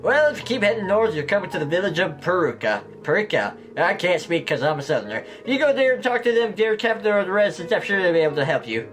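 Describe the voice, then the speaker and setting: A man with a slight lisp voicing a gruff southern male swordsman, reading game dialogue in a drawling, put-on American Southern accent. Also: sits high, very animated, quick pace, few pauses, a bit bright, faint music behind. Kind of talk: game dialogue read aloud.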